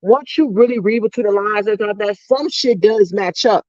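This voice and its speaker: A woman's voice: medium pitch, darkish tone, dry recording. Woman ranting heatedly, dull dry audio. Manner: heated, profane, rapid-fire ranting. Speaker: commentary vlogger. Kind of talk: ranting commentary vlog.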